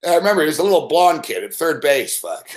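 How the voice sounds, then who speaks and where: Profane, animated betting show host. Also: male voice, fairly high pitch, fast. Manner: profane, animated storytelling with mock outbursts. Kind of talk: live late-night betting commentary.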